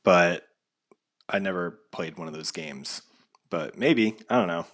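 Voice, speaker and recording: A man's voice: low voice, a little slow, fairly bright tone. A man co-hosting a casual game podcast, dismissive and unimpressed. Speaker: podcast co-host. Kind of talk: casual chat.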